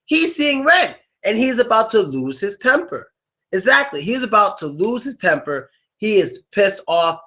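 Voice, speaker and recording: Animated, joking man teaching idioms. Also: unhurried. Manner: joking, animated, acts out quotes in loud high voices. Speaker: English teacher. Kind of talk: lively idiom lesson to a live class.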